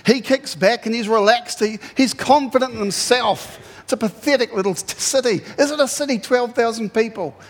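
A male pastor preaching a sermon, telling the story in an animated way and acting out the quotes in loud bursts. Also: very high-pitched, normal speed. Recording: long hall reverb.

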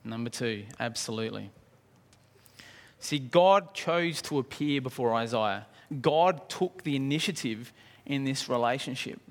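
A man preaching a sermon, animated, acting out scenes and asking the congregation questions. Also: medium pitch, measured pace. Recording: reverberant hall.

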